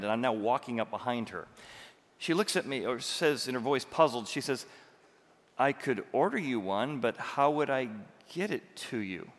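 A middle-aged man from the American Midwest, a pastor preaching a sermon in a relaxed, conversational storytelling way with touches of humor. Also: mid-range voice. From Morton, Illinois, USA. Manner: conversational storytelling with light humor, lively swings in loudness. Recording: long reverb of a large hall.

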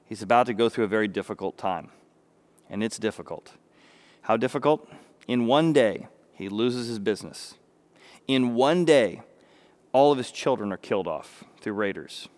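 A man preaching a sermon as a pastor. He speaks emphatically, asks his listeners rhetorical questions, and swings between loud bursts and quiet asides. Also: on the low side, animated, normal speed, pauses often.

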